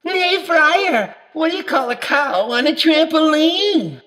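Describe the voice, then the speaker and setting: A man voicing a chirpy little robot telling a joke, his voice pitch-shifted up and run through a telephone and robot filter. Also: lively intonation, pushed and bright, full character voice. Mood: giddy. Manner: slow, sing-song delivery of a punchline.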